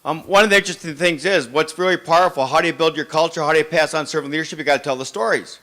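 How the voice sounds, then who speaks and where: Older male storyteller, bright and forceful, slightly high, animated speech style. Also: very fast. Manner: animated storyteller acting out the people in his story. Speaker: event speaker.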